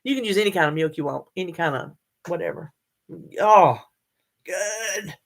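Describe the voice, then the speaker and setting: Older woman, casual vlog chat, lively up-and-down pitch. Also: normal speed. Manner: chatty, animated, talks straight to viewers. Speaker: vlogger.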